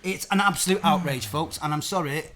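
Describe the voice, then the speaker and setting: A man's voice: on the high side, a little fast, fairly bright tone. A man hosting a live-streamed chat show, talking in a heated, emphatic way and swearing often. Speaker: host.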